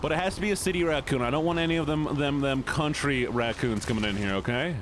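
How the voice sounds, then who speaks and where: A man's voice: a little high, fast, a little hiss or hum. A man streaming casually while gaming, joking around and slipping into a folksy drawl. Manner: jokey, goofy, lapses into a put-on folksy drawl.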